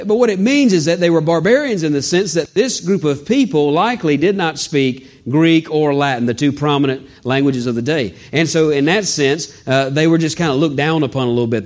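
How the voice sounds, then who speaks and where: A man preaching a sermon in a folksy, animated way with joking asides. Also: fairly high pitch. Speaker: pastor.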